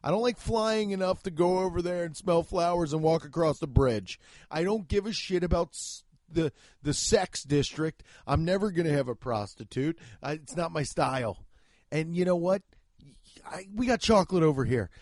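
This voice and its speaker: A man's voice: fairly high pitch, lively intonation, moderate pace, a little mellow, dry recording, clean studio sound. A man hosting a solo comedy podcast, ranting and rambling with heavy profanity. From United States. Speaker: podcast host.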